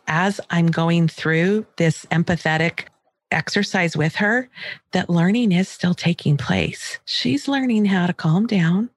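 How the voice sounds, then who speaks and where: A middle-aged woman teaching parents in a calm, gentle way and acting out example dialogue. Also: lowish voice, no echo, clean studio sound. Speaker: parenting coach.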